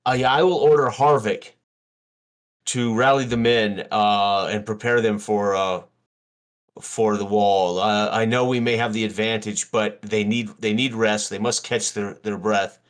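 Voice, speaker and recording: Male player, lowish voice, deliberate and pausing. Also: steady tone. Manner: deliberate, with pauses and restarts. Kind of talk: casual tabletop game play.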